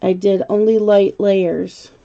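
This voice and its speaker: Middle-aged woman, casual live-stream chat, slow easygoing delivery, muffled lo-fi audio. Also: mid-range voice, level tone, gravelly, warm tone. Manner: chatty, laughs often, reads viewer comments aloud. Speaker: live-stream coloring host.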